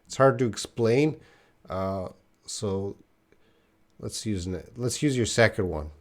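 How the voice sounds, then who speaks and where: A man's voice: lowish voice, lively intonation, slow. Man teaching English live. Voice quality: plain, patient explaining, reads out viewer questions. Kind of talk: live online English lesson.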